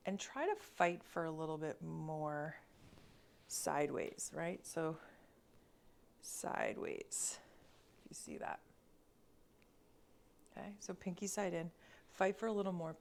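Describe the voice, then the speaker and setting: A woman instructor guiding a mobility class, cueing each movement calmly and counting down slowly. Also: fairly low pitch, vocal fry, a little hiss or hum. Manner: slow, calm cueing with counted breaths. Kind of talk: guided exercise class.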